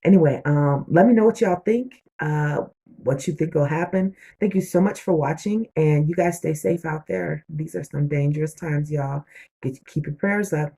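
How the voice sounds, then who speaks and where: Husky-voiced woman recapping a TV episode. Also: sits low, normal speed. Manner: animated storytelling with slang and asides. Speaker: TV show reviewer.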